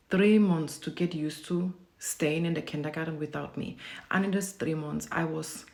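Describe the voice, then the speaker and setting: Low gravelly-voiced woman ranting bluntly. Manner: blunt, profane, emphatic. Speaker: parent vlogger. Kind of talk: casual storytelling rant.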